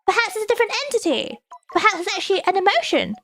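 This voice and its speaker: A woman's voice: very high voice, sing-song, very fast, fairly bright tone, faint music behind. A woman streamer chatting casually and reading viewer comments, giggly and playful with sudden squeals.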